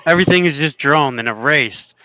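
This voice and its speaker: A man in his thirties chatting casually as a co-host and reacting to clips, laid-back and quick to laugh. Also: a little high, pushed and bright. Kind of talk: casual chat.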